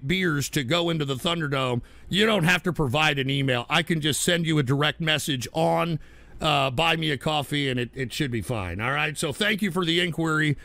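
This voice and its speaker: Male stream host, angry profane ranter, bright high voice. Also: dry recording. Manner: profane, heated, swings into shouting. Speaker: livestream host reading donation messages. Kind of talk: angry ranting livestream talk.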